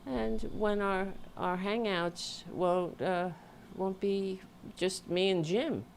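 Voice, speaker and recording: A woman's voice: medium pitch, steady tone, slow, vocal fry, a little hiss or hum. A woman hosting her own livestream from home, chatting casually and rambling with self-interruptions, sounding tired. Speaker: host of a livestream show. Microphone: home mic with audio interface.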